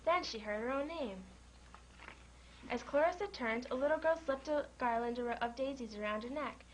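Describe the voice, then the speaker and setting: A woman reading a children's storybook aloud in a gentle manner, lightly voicing the characters. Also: high-pitched, moderate pace, a little hiss or hum, poor audio.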